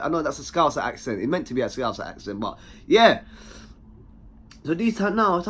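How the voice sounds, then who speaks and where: A young man with a London accent telling a personal story in a slangy, animated way, full of tag questions. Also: fairly high pitch, fairly quick. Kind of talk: casual anecdote.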